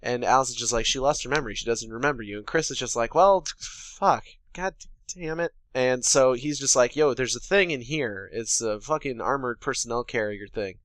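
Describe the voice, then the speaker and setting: A man's voice: mid-range voice, fairly quick, few pauses, a bit bright, dry recording. A man co-hosting a podcast, casually and sarcastically recapping a film's plot with lots of swearing and mock quotes. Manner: sarcastic, profane, paraphrases characters in quotes. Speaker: podcast co-host.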